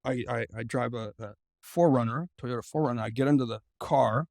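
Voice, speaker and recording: Man, middle-aged, interview guest, earnest storytelling, halting speech, dry close sound. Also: mid-range voice, creaky, a little mellow, no room sound. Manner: earnest, halting, repeats words when emotional. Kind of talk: personal storytelling in a conversation.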